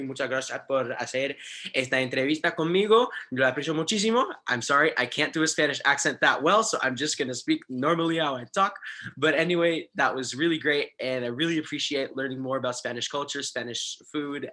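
A young man hosting a podcast interview, friendly and quick to laugh. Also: a little high, pushed and bright. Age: young adult. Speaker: podcast host. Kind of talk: casual interview.

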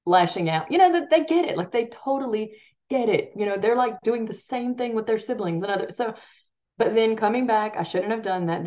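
A woman's voice: mid-range voice, a little mellow. A woman parenting coach talking casually in an interview, rambling and restarting her sentences and laughing at herself. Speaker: parenting coach and podcast guest. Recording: dull lo-fi sound.

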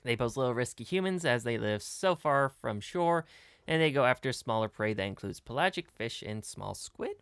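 A woman co-hosts a casual podcast, reading facts in a measured, steady way. Her voice is very deep for a woman. The sound is close and dry. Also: clean tone, dry recording. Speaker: podcast co-host.

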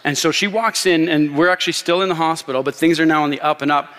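Thirties male pastor, sermon, animated storyteller, somewhat high voice, long church reverb. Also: quick pace. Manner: storytelling, animated, laughs often. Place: church sanctuary.

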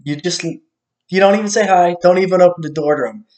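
A man in a casual monologue, ranting with lots of swearing, swinging between low mutters and sudden outbursts. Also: brisk, darkish tone. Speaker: vlogger.

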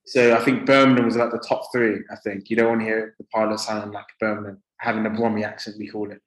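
A British man from England, a guest producer, chatting casually with relaxed hedging and frequent laughs. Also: lowish voice, quick pace. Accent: British English. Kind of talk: casual interview chat. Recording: echoey room.

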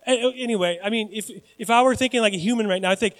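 A pastor in his forties preaching a sermon with animated, joking, self-deprecating asides. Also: high-pitched, fast talker, in a large hall.

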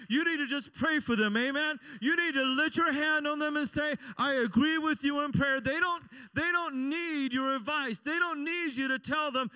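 A man's voice: extremely high pitch, sharp tone, clear, resonant tone, no room sound. A middle-aged pastor, preaching conversationally and asking his congregation "amen?". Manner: conversational preaching, frequent call-and-response "amen?". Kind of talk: sermon.

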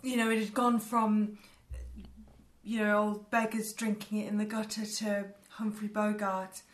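A woman's voice: medium pitch, flat delivery, unhurried. A woman co-hosting a chatty podcast, explaining history loosely with fillers and restarts. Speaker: podcast co-host. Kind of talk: casual chat.

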